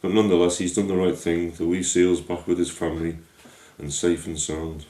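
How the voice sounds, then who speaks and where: A man telling a folk tale in a lively, homely storytelling way. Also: low-pitched, moderate pace. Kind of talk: storytelling narration. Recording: echoey room, distant mic.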